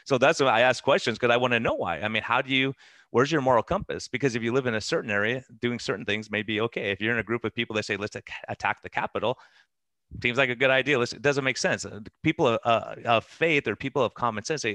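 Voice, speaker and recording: A man who is a doctor, talking earnestly in an interview with fast, self-interrupting speech. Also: medium pitch, sharp tone, no room sound. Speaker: doctor and podcast guest. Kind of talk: conversational interview.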